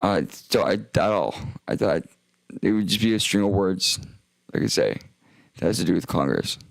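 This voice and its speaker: A young man streaming a rambling, profane monologue with heavy vocal fry, often stopping and restarting mid-sentence. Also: sits low, sing-song, moderate pace, dry recording. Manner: rambling, profane, self-interrupting.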